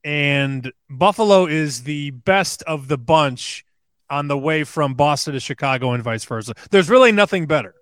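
A man's voice: fairly high pitch, animated, moderate pace, clear, resonant tone, no echo, clean studio sound. A man appearing as a sports betting analyst guest on a radio show, talking in a conversational, storytelling way. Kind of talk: radio interview.

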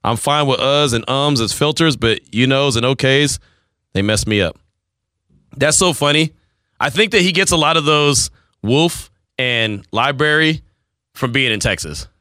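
A man's voice: medium pitch, animated, unhurried, sharp tone, no echo, clean studio sound. A man in his forties hosting a sports radio show, talking in teasing banter and laughing often. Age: 40s. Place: radio studio.

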